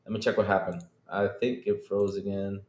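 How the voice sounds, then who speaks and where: A man co-hosting a podcast who chats loosely, often stopping to restart his sentences. His voice is mid-pitched, and the room gives it a noticeable echo. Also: level tone, brisk, a little mellow. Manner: rambling, hesitant with many fillers. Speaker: podcast co-host. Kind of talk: casual chat. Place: Panama.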